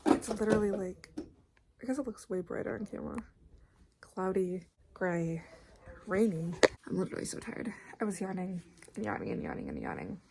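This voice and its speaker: A woman's voice: lowish voice, very animated, moderate pace, gravelly, heavy background noise. A young woman vlogging in a casual, rambling way, filling her talk with "like" while chatting about her day. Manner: chatty, rambling, heavy use of "like". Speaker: vlogger and preschool music teacher. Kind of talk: casual vlog chat.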